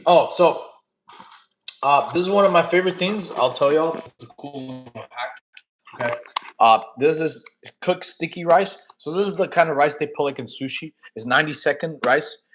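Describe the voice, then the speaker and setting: His voice sits on the high side, expressive and a bit bright, at normal speed with reverb around it. He's a man in his thirties hosting a laid-back campfire stream, reading chat questions aloud and offering blunt fitness coaching.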